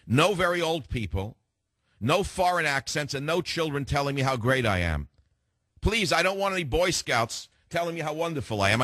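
A man hosting a call-in talk radio show, opinionated and combative, quick to cut callers off. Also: medium pitch, a bit bright, dry recording, clean studio sound. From San Francisco, USA.

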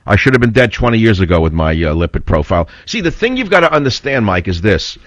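A man's voice: lowish voice, big pitch swings, fast, a bit bright, no echo. An older man hosting a talk radio show, blunt and combative, rambling through stories and opinions. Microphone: studio mic. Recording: dull, slightly lo-fi radio audio.

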